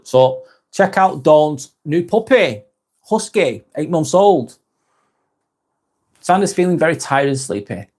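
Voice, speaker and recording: A man's voice: fairly high pitch, lively intonation, takes it slowly, long pauses, darkish tone. Man hosting a live stream. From northwest England. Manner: friendly, reads viewer comments aloud and replies. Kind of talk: casual live chat reading comments.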